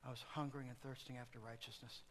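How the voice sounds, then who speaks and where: A pastor delivering a sermon to a congregation, moving between loud outbursts and hushed asides. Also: male voice, medium pitch, level tone, fast, long reverb tail, a little hiss or hum, rough recording. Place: church sanctuary, also broadcast on TV.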